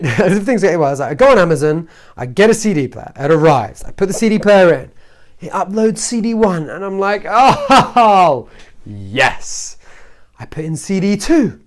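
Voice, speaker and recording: A man talking casually to camera as a self-help vlogger, telling a story and often checking in with "right?". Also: a little high. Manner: chatty, keeps asking "right?".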